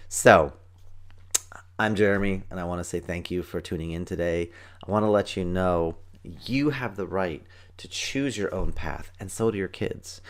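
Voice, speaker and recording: Deep-voiced excitable man hosting a podcast. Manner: fast, excited, acts out kids' and parents' voices. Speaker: podcast host, parenting coach and martial arts teacher. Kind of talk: energetic solo podcast talk.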